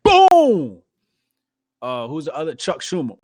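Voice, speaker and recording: A man's voice: medium pitch, fairly quick, no echo. A man hosting a casual podcast, talking bluntly and profanely and laughing often. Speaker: podcast host.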